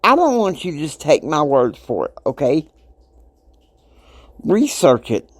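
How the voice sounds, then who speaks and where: A man in his fifties hosting a motivational podcast, talking emphatically and preachily. He swings between soft asides and loud outbursts. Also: a little high, very animated, measured pace, no echo. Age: 50s. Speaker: podcast host.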